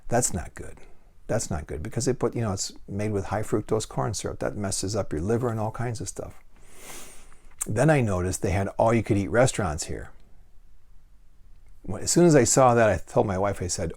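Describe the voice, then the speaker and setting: A man's voice: deep voice, brisk, warm tone, slightly rough. A man talking straight to camera in a casual monologue, blunt and folksy, swearing freely and asking rhetorical questions. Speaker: vlogger giving life advice.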